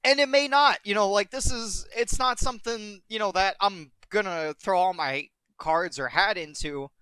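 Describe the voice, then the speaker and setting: A man streaming from home, rambling in a halting, emotional way and close to tears, repeating himself as he searches for words. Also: high-pitched, bright, forceful tone, smooth, no echo. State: tearful, on the verge of crying. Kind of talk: emotional live-stream monologue.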